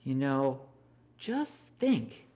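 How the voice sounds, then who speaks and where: A man voicing a scheming, manipulative man who coaxes with hushed temptations. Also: mid-range voice, very animated, very slow.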